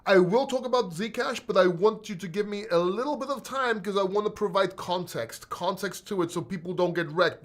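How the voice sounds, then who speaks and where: A man's voice: high-pitched, fairly bright tone. A man hosting a casual crypto livestream, reading chat aloud in a talkative, blunt way and swearing freely.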